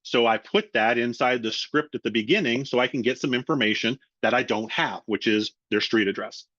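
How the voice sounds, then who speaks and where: Coaching salespeople over a webinar, this middle-aged trainer is lively and keeps voicing both sides of the sales call on his own. He talks fairly quickly at a medium pitch, and the audio is dry, a bit dull and low-fidelity.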